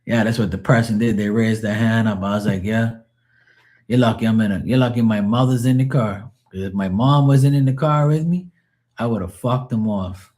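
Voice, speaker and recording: A man's voice: on the low side, moderate pace, a little mellow. A man in his forties chatting casually on a live stream, rambling through profane stories.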